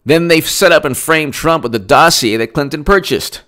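A man's voice: fairly high pitch, normal speed, sharp tone. A man doing solo political commentary, ranting and sarcastic, mocking people in put-on voices.

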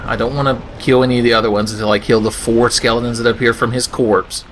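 A man's voice: medium pitch, little pitch movement, fast talker, slight background noise. A man doing sarcastic, profane comedic commentary over gameplay, ranting and putting on silly voices. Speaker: gaming video host.

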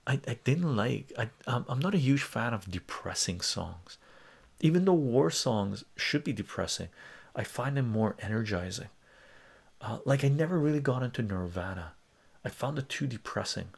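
A man's voice: medium pitch, lively intonation, normal speed, gravelly, breathy edge. A man hosting a live stream, chatting casually, reading chat messages aloud and rambling with many restarts. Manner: rambling and conversational, many fillers and restarts, reads lyrics aloud.

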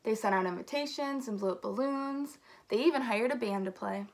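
A woman's voice: a little high, fairly quick, noisy background. Woman reading a picture book aloud. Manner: warm, lively storytelling to children. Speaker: elementary school staff member.

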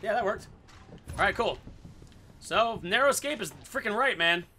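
A man giving goofy, excitable commentary over his own gameplay, swearing in silly made-up phrases. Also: high-pitched, normal speed, a little hiss or hum.

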